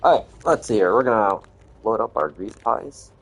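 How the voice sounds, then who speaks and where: With a fairly low, breathy voice, this middle-aged man hosts a gaming channel and chats animatedly at a moderate pace. His commentary on the video game wanders in a relaxed way, peppered with "man" and "yo."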